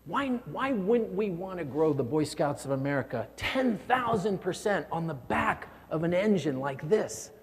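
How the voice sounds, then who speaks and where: A man's voice: a little high, expressive, normal speed, few pauses. Earnest man giving a keynote in a hall. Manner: earnest, repeats words when stirred. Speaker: keynote speaker. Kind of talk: motivational keynote speech. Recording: long hall reverb.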